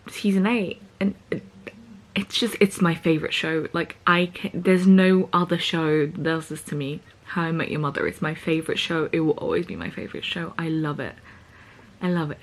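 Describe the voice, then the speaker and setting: A woman's voice: lowish voice, normal speed. A young adult woman chatting casually in a home vlog from her small bedroom, self-deprecating and joking as she shows purchases and tidies up. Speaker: vlogger. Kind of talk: casual chat.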